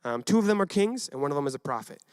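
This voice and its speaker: A young man giving a casual youth sermon, retelling a Bible story with lively acted quotes and frequent asides to his listeners. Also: a little high, rapid-fire, clear, resonant tone, no echo, studio quality. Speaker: youth pastor.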